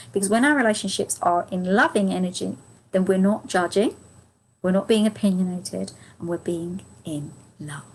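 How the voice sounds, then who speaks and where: A woman's voice: mid-range voice, moderate pace, slightly rough, low-quality recording. A woman giving a live angel card reading to viewers. She is chatty and gushing, laughs often, talks to viewers by name, and her voice is strained and fading.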